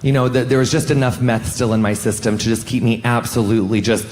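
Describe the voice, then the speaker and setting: A man doing a stand-up comedy set on stage, animated and swearing often, jumping up in pitch on punchlines. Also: fast, a little hiss or hum. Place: stage in front of a live audience.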